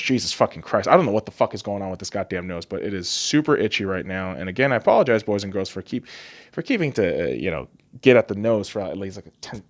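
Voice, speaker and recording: Brief: crude, heated podcast host, lively, swooping delivery. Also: male voice, deep voice. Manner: crude, heated, heavy swearing. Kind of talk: profane podcast rant.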